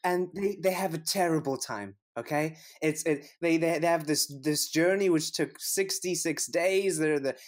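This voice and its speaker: A man's voice: on the high side, moderate pace, hardly any pauses. Man telling a rambling story. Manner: loose storytelling, many restarts and repeated words. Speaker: podcast co-host. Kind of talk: casual chat.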